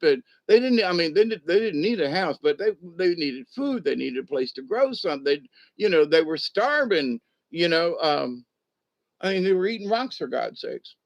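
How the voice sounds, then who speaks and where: A high-pitched male commentator rambles through a casual monologue, often restarting sentences, repeating words, and acting out imagined back-and-forth conversations. There's no room sound at all.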